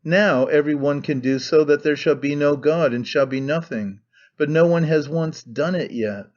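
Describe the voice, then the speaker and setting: A man voicing an intense, brooding young man obsessed with one idea, earnest and halting as he speaks. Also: on the high side, a little mellow, lo-fi sound, lightly acted. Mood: fervent. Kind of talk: audiobook character reading.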